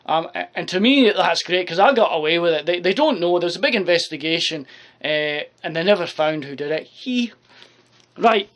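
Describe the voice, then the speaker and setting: A man with a voice pitched a bit above the usual male range. He delivers a crude, profane comic monologue to the camera, rambling and swearing as he goes. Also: expressive, moderate pace, fairly bright tone. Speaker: comedy vlogger.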